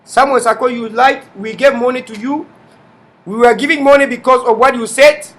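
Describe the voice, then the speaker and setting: A man hosting an online TV show, addressing viewers in an emphatic, repetitive way with bursts of shouting. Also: very high voice, fairly even intonation, normal speed. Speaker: online TV host. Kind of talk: impassioned livestream address.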